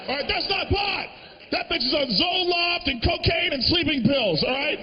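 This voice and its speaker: A man doing a stand-up comedy set on a live stage, brash and profane, breaking into shouted rants into a handheld mic. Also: very high voice, animated, moderate pace, big-room sound, background noise. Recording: dull lo-fi live recording.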